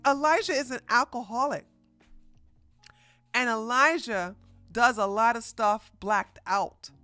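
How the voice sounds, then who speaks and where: A woman hosting a casual reaction commentary stream, talking in an animated, mocking way with frequent laughs. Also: fairly high pitch, a little slow, no echo, faint music behind. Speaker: commentary host.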